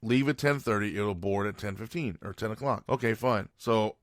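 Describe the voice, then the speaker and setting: A man hosts his own podcast, telling a long story in a loose, rambling manner with plenty of fillers and self-corrections along the way. His voice is fairly low and his speed normal, recorded dry with studio quality.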